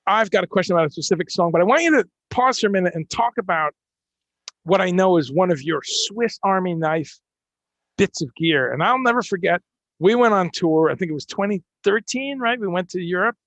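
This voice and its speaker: A male host chatting casually on a live stream, animated and full of restarts. His voice is a little higher than most men's, with a gravelly fry, and the sound is close and dry. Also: a little fast, no echo. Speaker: podcast host. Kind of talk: casual interview chat.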